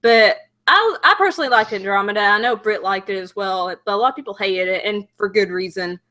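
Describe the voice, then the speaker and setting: A woman's voice: mid-range voice, brisk, pushed and bright. A young woman with a Southern US accent hosting a casual livestream chat, talkative and apologetic, with many "like"s. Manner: chatty, apologetic, lots of "like". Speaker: livestream host.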